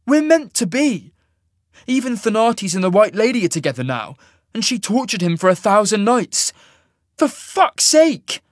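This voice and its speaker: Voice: mid-range voice, sing-song, moderate pace, dry recording, clean studio sound, pitched above the performer's own voice, lightly acted. A narrator voicing a heartbroken young man who speaks in a strangled voice. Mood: anguished. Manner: strangled, pleading then shouting.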